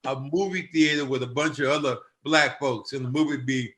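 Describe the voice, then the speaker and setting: A man's voice: mid-range voice, a little fast. An older man hosting a podcast in casual chat, telling stories and acting out quotes with gusto. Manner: animated storyteller, acts out quotes loudly. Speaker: podcast host.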